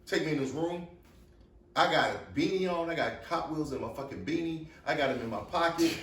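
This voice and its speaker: A middle-aged man, the host's father, guests on a casual podcast, telling stories in a blunt, profane, animated way. His voice is a little high and fairly quick, picked up by a distant mic with roomy echo and faint noise.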